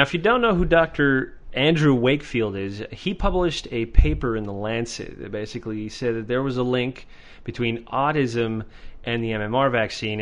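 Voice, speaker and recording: Man, podcast host, casual chat, sarcastic, animated, swears a lot. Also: mid-range voice.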